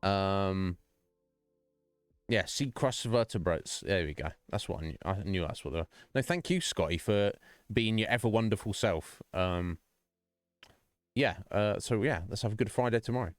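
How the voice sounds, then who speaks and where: Low-voiced man rambling on stream. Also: animated, normal speed, no room sound. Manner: rambling, jokey, laughs often. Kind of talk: casual stream sign-off chat. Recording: dry close mic, faint music behind.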